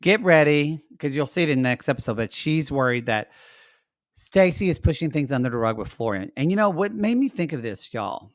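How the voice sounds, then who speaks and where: Animated, slightly high-voiced male podcast co-host. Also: fairly quick, no room sound, clean studio sound. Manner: chatty and animated, addresses listeners as y'all. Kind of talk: casual recap chat.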